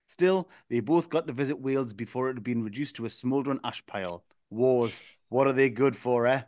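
A man reads a silly story aloud to his co-host. His pitch sits in the middle of the male range and his delivery stays deadpan, slipping into chuckles. The recording is close and completely dry. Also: brisk, no room sound. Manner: deadpan reading, breaking into chuckles. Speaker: podcast co-host reading a listener's story.

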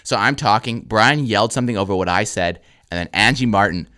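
A young Canadian man co-hosting a podcast, telling a comedy-show story in a casual, animated way, swearing and acting out the crowd. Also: lowish voice, fairly quick. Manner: animated, swears a lot, acts out crowd voices.

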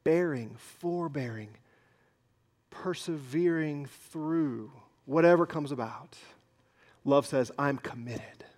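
High-voiced preacher, loud to hushed. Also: male voice, takes it slowly. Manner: swings between loud emphasis and hushed near-whispers. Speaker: pastor. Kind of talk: sermon.

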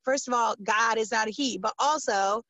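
Responding to interview questions, a woman pastor tells a story casually, animatedly and emphatically, leaning on many fillers. Her voice is on the high side, at normal speed, with no echo.

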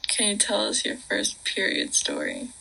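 A young woman co-hosting a casual late-night livestream chat, chatty and giggly, sometimes dropping into hushed whispers. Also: medium pitch, huge pitch swings, moderate pace, vocal fry, husky, rough recording. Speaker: livestream co-host.

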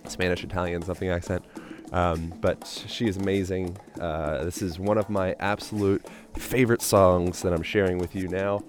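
A man's voice: low-pitched, flat delivery, normal speed, faint music behind. A man hosting a podcast, talking in a loose, joking, playful way. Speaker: podcast host. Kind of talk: casual podcast monologue.

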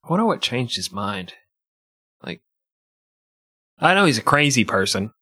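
A man's voice: medium pitch, big pitch swings, a little slow, bright, forceful tone, dry recording, clean studio sound. A man co-hosting a podcast, joking and swearing in casual chat. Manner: joking, swearing, laughs a lot. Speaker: podcast co-host.

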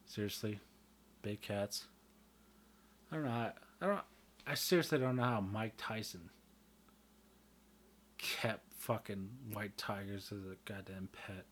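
A man's voice: lowish voice, a bit bright. A man in a casual, rambling monologue, swearing freely and losing his train of thought.

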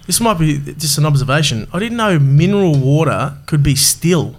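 A man's voice: on the high side, animated, moderate pace. A man hosting a podcast, jokey and rambling in casual chat. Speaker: podcast host.

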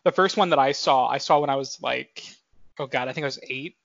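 A man in his twenties co-hosts a podcast, chatting casually and rambling with plenty of fillers and self-corrections. His mid-range voice is brisk, creaky, and fairly bright. The podcast mic audio is dull and dry with no room sound.

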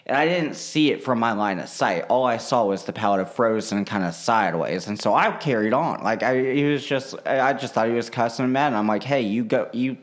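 A young man chatting casually, telling a work story in an animated, profane way and acting out what people said. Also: medium pitch, a little fast, few pauses. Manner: animated, swears freely, slips into quoting people.

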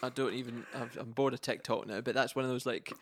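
A man's voice: medium pitch, fairly even intonation, quick pace. A man hosting a casual podcast chat, rambling and often breaking off mid-sentence. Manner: rambling, self-interrupting. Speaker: podcast host.

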